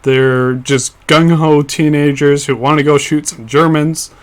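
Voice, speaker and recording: A man's voice: on the high side, fairly even intonation, measured pace. A young man co-hosting a casual history podcast, explaining events at length with frequent fillers and restarts. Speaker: podcast co-host.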